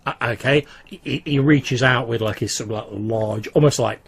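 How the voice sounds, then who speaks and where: A man running a tabletop game, his voice slightly gravelly. He narrates haltingly, stacking fillers and restarts as he describes each scene. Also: mid-range voice. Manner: hesitant, many fillers. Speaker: game master.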